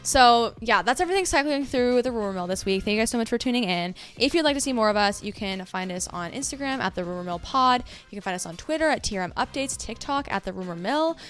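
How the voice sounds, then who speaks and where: A woman co-hosting a podcast in casual chat, excitable and tripping over her words. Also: on the high side, fast talker, hardly any pauses, faint music behind. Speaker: podcast co-host.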